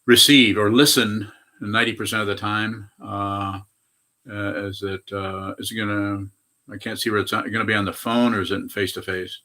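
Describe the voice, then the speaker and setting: A man's voice: lowish voice, little pitch movement, normal speed, pushed and bright. A man in his eighties, a Buddhist meditation teacher, giving a rambling dharma talk full of hesitations and self-corrections. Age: 80s. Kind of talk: dharma talk answering questions.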